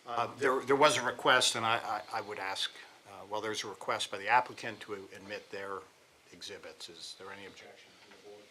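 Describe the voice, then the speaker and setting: Man, hearing officer, procedural tone, quick delivery, noisy room audio. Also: fairly low pitch, pushed and bright. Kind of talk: formal public hearing.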